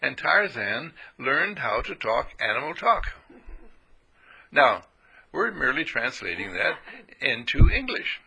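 A man preaching a folksy spiritual sermon, animated and playful, swooping into high voices for sheep and characters. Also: takes it slowly, vocal fry, long pauses, slightly rough, rough recording.

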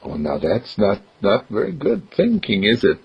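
A man voicing a gentle mother in a told story, with a soft, raspy voice. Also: fairly low pitch, huge pitch swings, normal speed, muffled recording, full character voice. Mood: gently scolding. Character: gentle mother of a young boy.

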